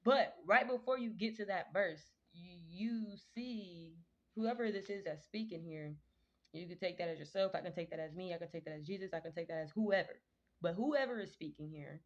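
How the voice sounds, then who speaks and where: A chatty woman reads scripture aloud, then talks it over in a casual vlog. Her voice sits a little low, and the sound is dull and lo-fi. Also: darkish tone. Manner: chatty, slow careful reading with stumbles. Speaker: vlogger reading scripture. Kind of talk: casual Bible reading and commentary.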